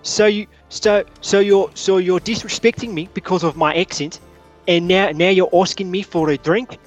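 A man's voice: high-pitched, fairly even intonation, muffled recording, faint music behind, natural voice. A man voicing a touchy male barman with a put-on South African accent. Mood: indignant. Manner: touchy, quick to take offence.

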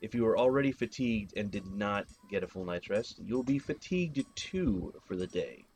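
Low-voiced male game master. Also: lively intonation, normal speed, a little mellow, slight background noise. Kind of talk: narrating a tabletop game.

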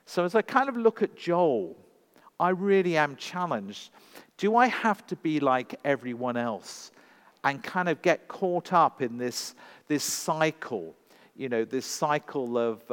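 A male pastor preaching a sermon in a reflective, halting way at a church service. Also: medium pitch, a bit bright. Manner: hesitant, reflective, many restarts. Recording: long reverb in a church hall.

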